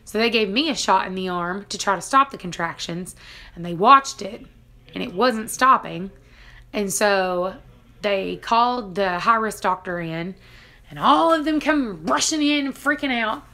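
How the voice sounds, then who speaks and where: A woman's voice: mid-range voice, expressive, measured pace, bright, forceful tone. A woman vlogger casually retelling a dramatic personal story, laughing now and then between lines. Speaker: family homestead vlogger.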